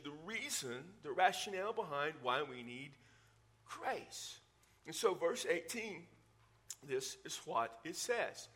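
A man's voice: a little high, bright, forceful tone, slightly rough. A middle-aged man, preaching a teaching sermon and explaining scripture in a conversational way. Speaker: pastor.

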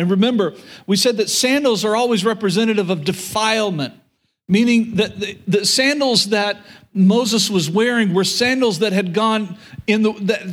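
A man preaching a sermon to a congregation in a church, earnest and often repeating his words as he paraphrases Scripture. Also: high-pitched. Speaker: pastor. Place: church room with audience.

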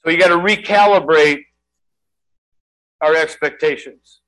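A middle-aged man preaching a sermon in a conversational, self-deprecating way with quick asides. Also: on the high side, a bit bright, rough recording. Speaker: guest preacher.

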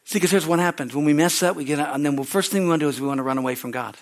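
A middle-aged man preaching a sermon as pastor, fervent and repetitive, rising to shouted exhortations. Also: on the high side, racing.

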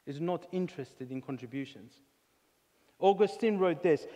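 A man preaching a sermon in a church hall, earnest and halting, often restarting his words. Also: on the high side. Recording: reverberant church hall with soft music.

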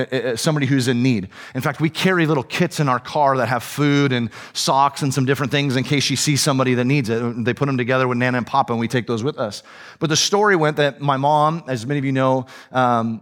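A man's voice: medium pitch, fairly bright tone. A man preaching as a pastor, with a conversational, storytelling manner that often checks in with "right?" and "okay?". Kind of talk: sermon.

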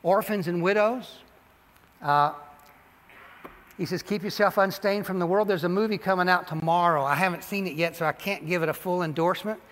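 A male pastor preaching a sermon in a church, animated and emphatic, repeating and stressing key phrases. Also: high voice, moderate pace. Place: church sanctuary. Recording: long hall reverb.

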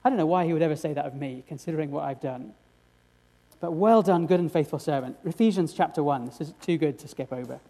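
Earnest male preacher, mellow voice. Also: a little high, fast talker. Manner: earnest, with rhetorical questions to the congregation. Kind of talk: sermon.

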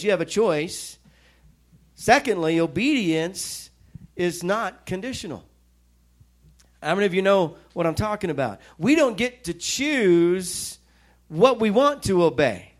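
High-voiced man preaching a testimony. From Missouri. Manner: storytelling, animated, self-mocking asides. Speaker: pastor. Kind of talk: sermon with personal testimony.

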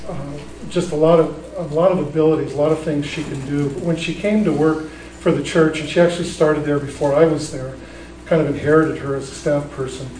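A man preaching a sermon as a pastor, telling stories in a relaxed, conversational way with frequent restarts. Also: a little high, roomy sound, distant mic, low-quality recording. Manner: conversational storytelling with many restarts.

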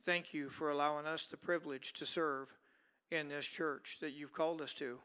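A male pastor leading a steady, earnest closing prayer at a church service. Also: fairly high pitch, moderate pace, clear, resonant tone.

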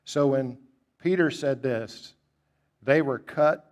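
Taking his time, a man preaches an emphatic sermon full of rhetorical questions, his voice lifting high for key points and dropping low and soft to reflect.

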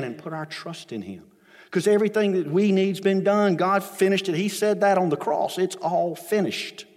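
A man preaching a sermon as a pastor, retelling the story with emphatic repetition, recorded in a church sanctuary with long reverb. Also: fairly high pitch.

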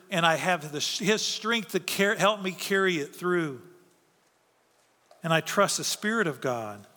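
A man delivers a sermon in an earnest, emphatic way, putting questions to his listeners and then answering them. His voice sits high and has a bright, ringing edge. The sound carries a long reverb, as if he is in a church sanctuary. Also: lively intonation, a little slow. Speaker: pastor.

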